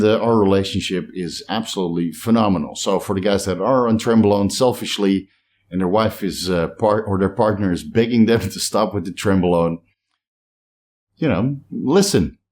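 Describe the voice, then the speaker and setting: Talking at a moderate pace in a fairly low, darkish voice, this Dutch bodybuilding channel host goes through viewer comments on camera. The middle-aged man, whose accent is slight, rambles and pokes fun at himself from his home in a hot climate.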